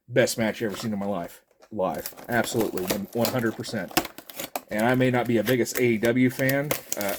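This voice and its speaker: A man's voice: medium pitch, background noise. A middle-aged man, chatting casually and jokily as a toy reviewer, rambling with lots of fillers. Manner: rambling and jokey, with many fillers. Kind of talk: casual chat.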